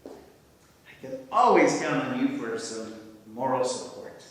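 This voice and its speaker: A man plays a self-doubting writer who sighs and mocks himself in a dry, wry tone. His voice sits at a middle pitch and comes from far across a stage, with a long echo from the hall. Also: expressive, slow, slight background noise. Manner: wry, sighing, self-deprecating. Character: self-doubting male writer, husband, ex-Army. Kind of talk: amateur stage comedy acting. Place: theatre stage.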